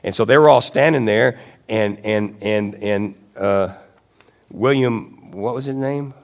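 A pastor giving a sermon in a chatty, rambling way, with asides and self-corrections, sometimes acting out quoted lines. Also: male voice, unhurried, vocal fry. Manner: conversational preaching, acts out quotes with rising pitch and shouts.

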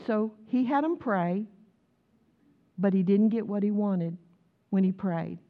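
Animated, laughing woman preacher. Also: medium pitch, slow, phone-quality sound. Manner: animated storytelling, laughing, exclaiming. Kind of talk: sermon.

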